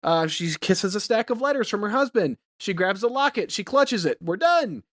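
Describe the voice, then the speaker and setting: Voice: mid-range voice, expressive, normal speed, a bit bright, no room sound, studio quality. A podcast co-host recapping a movie scene by scene in a profane, rambling, exasperated way. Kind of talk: casual chat.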